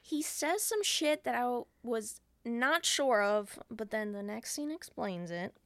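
A woman's voice: a little high, measured pace, no room sound. A woman co-hosting a podcast, casually recapping a movie with lots of swearing. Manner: profane, animated retelling with acted quotes. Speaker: podcast co-host.

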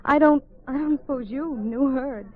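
An actress playing a young woman who is secretly investigating a suspected murderer, speaking in a breathy, hesitant, stammering way, in 1940s radio drama style. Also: sits high, moderate pace, natural voice. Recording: tinny 1940s radio broadcast with music.

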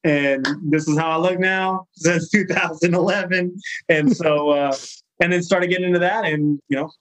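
A man from California in his thirties, talking as a guest firefighter in a relaxed interview. His voice sits a little high for a man, and he tells his story with animation, slipping into the voices of the people he met. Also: moderate pace, rough recording. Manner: animated, acts out quoted voices.

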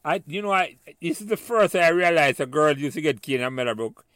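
A man's voice: on the high side, animated, a little fast, a bit bright, dry recording, clean studio sound. A Jamaican man hosting a casual interview chat, curious and prompting with questions. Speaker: host.

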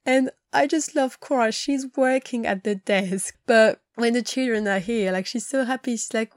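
Speaking at normal speed with few pauses, a woman with a fairly high-pitched voice hosts a podcast recapping a TV episode. She chats casually, bringing scenes to life and performing the lines, in a studio-quality recording without echo.

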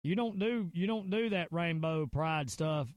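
A man with a Southern US drawl holds forth as a podcast host, his voice pitched notably high. He rambles emphatically, stacking fillers and restarts. The sound is close and dry, with no room around it. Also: measured pace, no room sound, dull audio. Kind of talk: casual conspiracy-minded rant.

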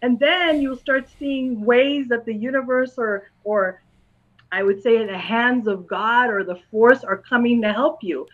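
Calm higher-pitched woman, dull recording. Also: unhurried. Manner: calm, patient explaining in simple terms to a young interviewer. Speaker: guest, school psychologist and clairvoyant. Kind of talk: interview answers.

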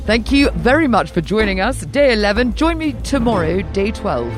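A woman's voice: mid-range voice, moderate pace, music in the background. A woman with a posh English accent hosting a podcast, teasing her guest in casual chat outdoors at a tennis venue. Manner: playful, teasing, animated. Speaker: podcast host. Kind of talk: casual chat interview on site.

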